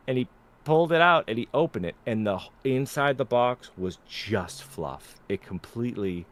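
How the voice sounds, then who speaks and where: Deep-voiced man, animated storyteller. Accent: faint New England, mostly neutral. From New England. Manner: animated storyteller, acts out quotes. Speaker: host. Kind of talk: casual livestream Q&A chat.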